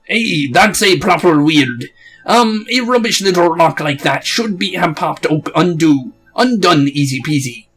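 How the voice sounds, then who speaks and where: A man's voice: a little high, expressive, measured pace, a bit bright. A man voicing a chatty, cheeky male fairy companion, full of blunt, folksy slang, in a game playthrough. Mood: serious.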